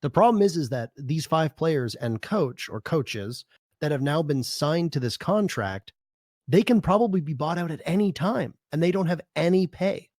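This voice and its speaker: A man's voice: on the high side, animated, normal speed, darkish tone, no echo. A man on a casual podcast, laying out a reasoned counterargument. His voice sits a little above the usual male range. The sound is dry and close. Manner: reasoned, argumentative. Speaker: podcast co-host.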